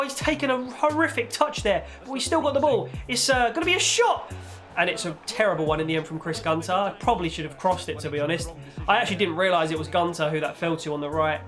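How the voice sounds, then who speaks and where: A young man commentating on his own football video game match, chatty with viewers and bursting into shouts when his team scores. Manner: excitable, shouts and leaps in pitch on goals; chatty, talks to viewers as "guys" and "boys". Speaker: gaming YouTuber.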